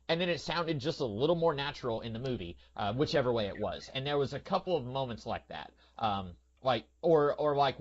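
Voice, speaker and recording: Rambling man on a lo-fi podcast. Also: mid-range voice. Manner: rambling, many fillers, slips into character voices. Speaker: podcast host. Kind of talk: casual podcast chat. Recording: dull lo-fi sound.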